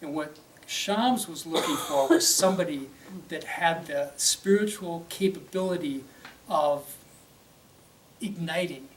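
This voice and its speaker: A man, a religious teacher, telling a story in a conversational lecture with fillers and check-ins. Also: on the high side. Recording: roomy, distant mic, faint noise.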